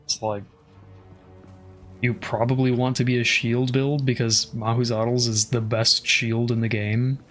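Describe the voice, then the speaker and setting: A man's voice: mid-range voice, flat delivery, measured pace, fairly bright tone, faint music behind. A man casually commenting on his game as he plays, thinking aloud, swearing often and trailing off with fillers. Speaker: streamer.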